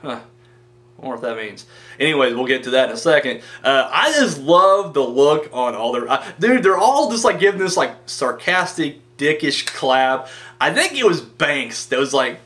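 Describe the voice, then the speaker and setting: Reviewing a wrestling show in casual video commentary, a man with a fairly high, fairly bright voice swings widely in pitch at a moderate pace. Rambling and excited, he curses freely and mimics the wrestlers' lines in mock voices.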